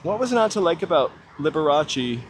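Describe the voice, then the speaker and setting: A man's voice: a little high, big pitch swings, moderate pace. A middle-aged man hosting a casual walking live-stream outdoors, chatting to viewers with joking, self-deprecating asides. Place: outdoors on downtown city streets and through tunnels. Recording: faint city street noise. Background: city traffic ambience.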